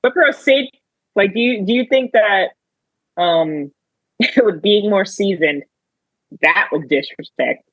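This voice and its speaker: A woman's voice: medium pitch, slow, long pauses, fairly bright tone, dry recording, dull audio. A woman co-hosting a podcast in casual chat, telling stories with laughter. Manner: laughing, chatty storytelling. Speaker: podcast co-host.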